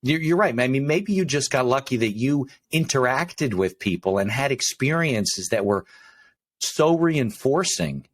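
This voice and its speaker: A man's voice: mid-range voice, animated, unhurried. A man hosting a podcast, chatting casually, often affirming and musing aloud. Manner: frequent short affirmations, reflective musing. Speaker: podcast host. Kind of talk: casual interview chat.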